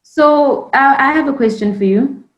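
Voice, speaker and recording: A woman's voice: sits high, moderate pace, roomy sound, dull audio. A young South African woman co-hosting a podcast, talking casually and emphatically. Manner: laughing, emphatic, advice-giving. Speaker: podcast co-host.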